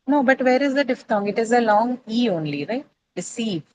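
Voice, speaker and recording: A woman's voice: fairly high pitch, expressive, brisk, a little mellow, slight background noise, rough recording. A woman teaching English pronunciation in an online class, explaining patiently step by step and checking in with tag questions.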